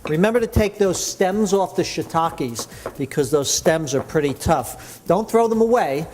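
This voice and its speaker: Chatty cooking show host. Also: male voice, a little high, expressive, measured pace, a little mellow, a little hiss or hum. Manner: enthusiastic, chatty, explains as he chops. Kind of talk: cooking demonstration.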